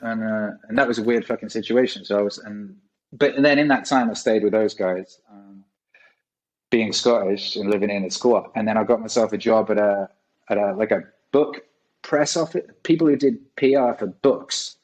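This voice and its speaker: A musician in his forties sits in as a podcast guest, swearing often as he tells rambling stories in a relaxed way. His fairly low voice moves at a normal speed, but the audio is poor.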